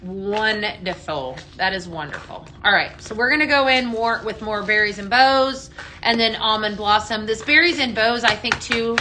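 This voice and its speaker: A woman's voice: mid-range voice, moderate pace, pushed and bright, a little hiss or hum. Bubbly, breathless woman on a live stream. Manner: chatty and bubbly, reads viewer comments aloud. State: a bit out of breath. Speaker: home fragrance seller hosting a live stream. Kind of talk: casual live-stream product chat.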